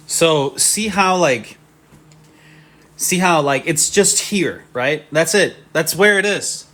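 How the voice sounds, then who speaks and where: A young man casually chatting on a live stream from his home setup, gushing and excitable and swearing freely. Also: on the high side, slow pace, slight background noise.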